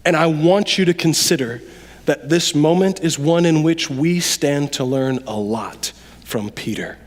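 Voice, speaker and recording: A man delivers a sermon in a church sanctuary. He talks to the congregation in a lively, conversational way, sometimes dropping to a near-aside. His voice carries a long reverb from the large hall. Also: a little high, unhurried. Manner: conversational, animated preaching with sudden drops to quiet. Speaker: preacher.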